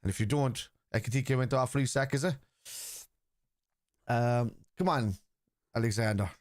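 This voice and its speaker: A middle-aged man runs a football watchalong stream, reading out viewers' comments and answering them bluntly and casually, sometimes combatively. He speaks at a measured pace in a mid-range voice, with clean studio sound and no echo.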